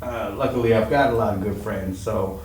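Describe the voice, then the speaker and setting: Low-voiced blunt man on a podcast. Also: steady tone, moderate pace, darkish tone. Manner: blunt, swears, laughs often. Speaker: podcast guest. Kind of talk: casual podcast chat. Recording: roomy echo, mic at a distance, faint noise.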